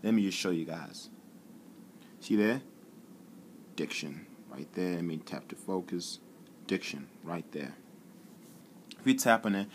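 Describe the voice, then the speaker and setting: Low-voiced guy showing off his phone apps, laid back and rambly, bit of hiss behind. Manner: relaxed, chatty, repeats himself. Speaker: app reviewer. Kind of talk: casual tech vlog demo.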